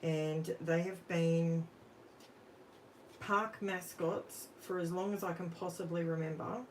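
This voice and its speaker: An Australian woman chats her way through a live crafting session, talking to her viewers as she works. She speaks slowly in a somewhat low voice. A faint hum of background noise sits under her voice. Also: steady tone, poor audio. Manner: chatty, talks to viewers while working. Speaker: crafting livestream host. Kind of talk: casual live crafting chat.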